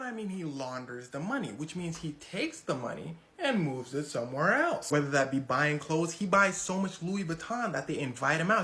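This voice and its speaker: A woman with a fairly low voice tells a story casually, in loose slang. Her pitch swings up and down a lot as she goes. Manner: animated, slangy, switches into quick character voices.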